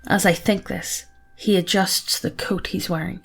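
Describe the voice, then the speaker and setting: A woman's voice: on the low side, steady tone, measured pace, creaky, breathy edge. A woman narrating a first-person horror story in a casual, profane, present-tense style.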